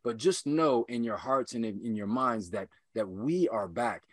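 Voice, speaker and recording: Guesting on a podcast as an inspirational speaker, a man talks earnestly in a motivational conversation, driving points home with rousing, repetitive emphasis. His mid-range voice is animated and moderately paced, with no echo.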